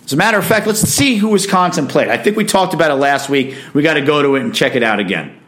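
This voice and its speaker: A man's voice: a little high, animated, fast, fairly bright tone. A man hosting a casual sports talk show, giving emphatic, opinionated commentary in a chatty monologue.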